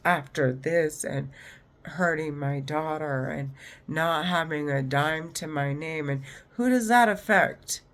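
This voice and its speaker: A woman's voice: low-pitched, takes it slowly. A woman and mother talking to camera in an agitated, rambling personal monologue, swearing heavily and restarting often. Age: adult, mother of children. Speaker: vlogger.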